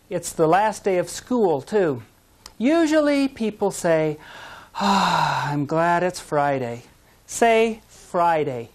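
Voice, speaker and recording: Woman teacher for a language course tape; unhurried, carefully paced, patient and encouraging. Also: on the low side, darkish tone. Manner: patient, encouraging, models words slowly for repetition. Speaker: English teacher. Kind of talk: slow, clear pronunciation lesson. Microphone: studio mic, language course tape.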